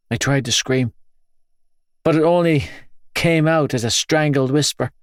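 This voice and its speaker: A male audiobook narrator reading first-person prose in a grave, intense manner. He takes his time over every line at a slow pace. The recording is dry and close, with no room sound. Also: a little high, no room sound.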